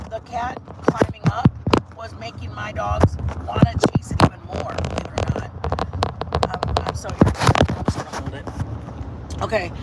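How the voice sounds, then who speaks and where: Rambling woman streaming live from a car. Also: fairly high pitch. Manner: animated, rambling, exclaims often. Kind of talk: casual live-stream storytelling. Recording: loud car noise behind voice.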